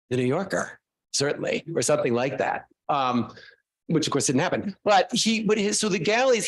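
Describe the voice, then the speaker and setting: A man, a guest author, telling animated, self-mocking stories casually to a class. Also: a little high.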